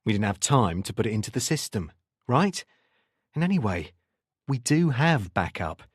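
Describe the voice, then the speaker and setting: A man's voice: lowish voice, moderate pace, breathy edge, no room sound, clean studio sound. A man doing a cool London detective. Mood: assured. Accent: London English. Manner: calm, reassuring. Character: hard-boiled male London detective, self-assured.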